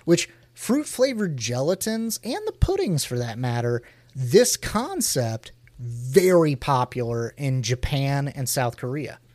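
A man co-hosting a casual chat, laughing often and telling stories with animated energy. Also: medium pitch, slow pace, dry recording. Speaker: podcast co-host.

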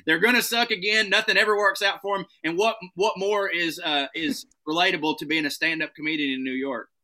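A man with a Southern American accent, a stand-up comedian telling stories in an animated, profane, casual chat. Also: fairly high pitch, a little fast. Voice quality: animated storytelling, swearing freely.

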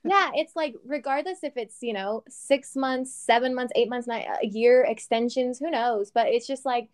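A woman's voice: on the high side, normal speed. A woman in her thirties co-hosting a casual chat, frank and chatty, laughing often and swearing lightly. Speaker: podcast co-host.

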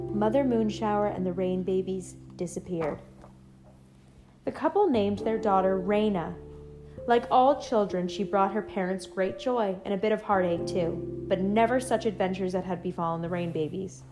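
A woman storyteller reads a bedtime story aloud at a middle pitch, gentle and even. Soft instrumental music plays clearly behind her narration.

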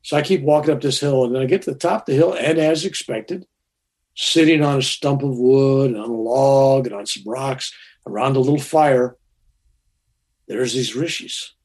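A man's voice: medium pitch, moderate pace, darkish tone. An older man telling a personal story in a rambling, conversational way, full of fillers and restarts.

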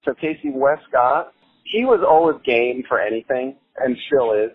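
A man's voice: medium pitch, normal speed, husky. Young man, casual storyteller, chuckles and swears, lots of "like", tinny narrow sound. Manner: animated, laughs often, many "like" fillers, swears casually. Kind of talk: casual anecdote telling. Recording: phone-like line with faint music.

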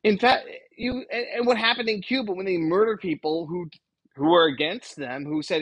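A podcast host lecturing listeners in an emphatic, exasperated solo rant. The voice has a husky edge at a mid pitch. The recording is dry and close, with no room sound. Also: big pitch swings, measured pace, a bit bright, no echo, low-quality recording.

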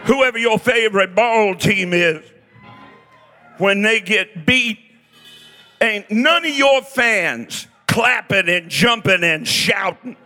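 A preacher in his sixties shouts his sermon in slow, drawn-out bursts with a very high, bright voice. He exhorts the crowd while faint music plays in the background.

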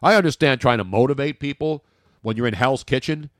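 A man co-hosting a sports talk show, ranting and joking in casual banter with big swings in his pitch. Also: a little fast, dry recording, studio quality. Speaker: podcast co-host.

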